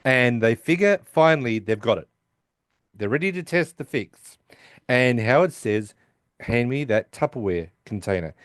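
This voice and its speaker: A man in casual podcast chat, retelling a sitcom episode in a rambling way and quoting each character's lines with lots of restarts. His voice sits at an ordinary pitch and sounds dry and close, with no room around it. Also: animated, unhurried, clear, resonant tone, dry recording. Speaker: podcast co-host recapping an episode.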